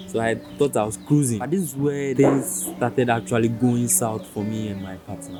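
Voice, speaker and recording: Earnest male vlogger, mid-pitch, reflective storytelling, music bed behind. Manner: earnest, with restarts and repetition.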